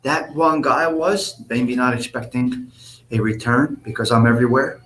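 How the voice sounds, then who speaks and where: A man talks straight to his viewers on a live stream. He rambles in a blunt, profane street manner at an ordinary mid pitch. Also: steady tone, moderate pace, fairly bright tone, a little hiss or hum. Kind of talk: casual live-stream chat reading comments.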